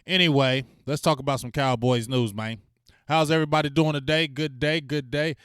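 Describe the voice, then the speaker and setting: A man hosting a casual sports livestream, talking in loose slang, venting and giving loud shout-outs. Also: mid-range voice, steady tone, normal speed, clear, resonant tone, no echo, studio quality. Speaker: sports talk stream host.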